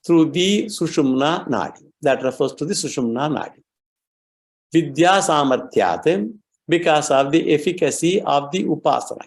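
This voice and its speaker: Male scripture teacher, fairly high voice, slow and measured explanations. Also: gravelly, darkish tone. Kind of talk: religious lecture.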